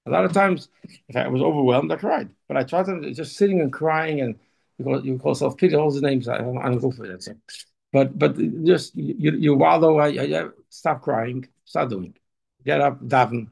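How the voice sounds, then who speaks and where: A man giving an informal Torah talk, halting and repeating words, then pressing his points with emphatic urging. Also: fairly high pitch, a little mellow. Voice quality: gravelly, husky voice. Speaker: Torah teacher.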